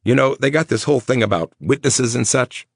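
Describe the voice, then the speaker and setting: A man's voice: mid-range voice, lively intonation, brisk, gravelly, breathy edge, dry recording, studio quality, pitched above the performer's own voice. A man voicing a laid-back, teasing former cop with a wry, easygoing delivery. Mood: joking.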